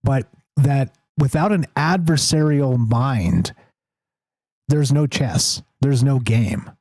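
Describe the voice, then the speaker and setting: A man's voice: mid-range voice, takes it slowly, darkish tone, no room sound, low-quality recording. A man hosting a call-in talk show, rambling and self-interrupting with a wry edge. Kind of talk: casual talk-radio conversation.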